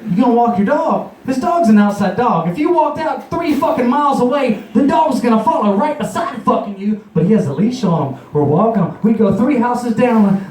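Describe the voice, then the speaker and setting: A man's voice: animated, moderate pace, few pauses, darkish tone. A young man telling a rambling, profane story live, laughing and acting out voices. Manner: rambling, profane, laughing, acts out quotes in a higher voice. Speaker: storyteller at an open mic. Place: bar or juke joint. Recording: echoey room from far off.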